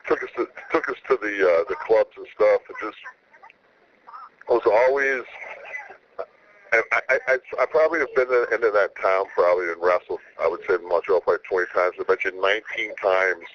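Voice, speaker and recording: A man with a very deep voice answers interview questions in an easygoing way. He rambles and trips over his words, restarting phrases again and again. The radio recording is a little muffled, with a faint hiss underneath. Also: a little fast. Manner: rambling, with many stammered restarts; laid-back. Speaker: wrestler guest. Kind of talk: casual interview talk.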